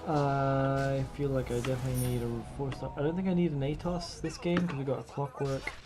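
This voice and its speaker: Excitable man commentating his game. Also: mid-range voice, music in the background. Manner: excitable, quick yelps and exclamations. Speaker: gaming streamer. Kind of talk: casual gameplay commentary.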